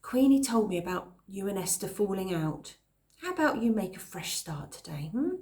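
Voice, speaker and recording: A woman voicing a kindly young schoolteacher who speaks in a gentle, encouraging way. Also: medium pitch, sing-song, moderate pace, natural voice. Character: kindly young woman teacher, brisk and warm.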